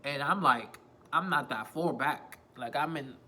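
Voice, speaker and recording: A man's voice: a little high, a little slow, pushed and bright, a little hiss or hum. A man vlogging a casual storytime on a phone, rambling, repeating himself and swearing freely. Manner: rambling, profane, self-repeating.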